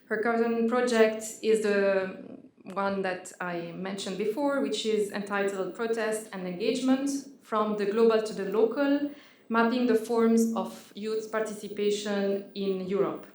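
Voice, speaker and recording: A woman moderating an academic panel, introducing the speakers in a halting way, with frequent fillers and restarts. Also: medium pitch, darkish tone. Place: venue hall at an academic event. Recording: echoey room.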